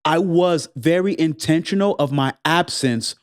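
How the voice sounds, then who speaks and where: A man's voice: fairly high pitch, measured pace, no room sound, studio quality. A man co-hosting a podcast with his wife, chatting casually and playfully, acting out quotes as he tells a story. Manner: playful, animated storyteller who acts out quotes. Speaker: podcast co-host. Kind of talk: casual chat.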